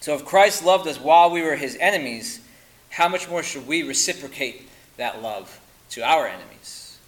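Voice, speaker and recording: A man preaching a sermon, emphatic and insistent, firing rhetorical questions and dropping to quiet at the ends of lines. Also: a little high, expressive, moderate pace, rough recording.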